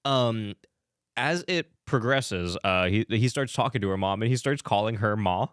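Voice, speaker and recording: A man's voice: on the low side, lively intonation, moderate pace, fairly bright tone, smooth, no room sound, studio quality. A man co-hosting a podcast, recapping a reality show in a loose, profane way, with lots of fillers and quoted voices. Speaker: podcast co-host.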